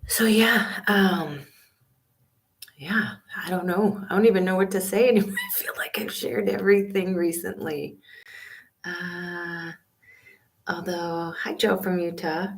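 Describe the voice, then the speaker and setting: A woman in her fifties with a low voice talks to viewers in a hushed, half-whispered way, full of fillers and small pauses. She is in a small library study room, picked up by a laptop's built-in microphone. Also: fairly even intonation. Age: 50s. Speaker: van-life vlogger hosting a live stream. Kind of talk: casual live-stream chat with viewers. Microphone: laptop webcam and built-in mic.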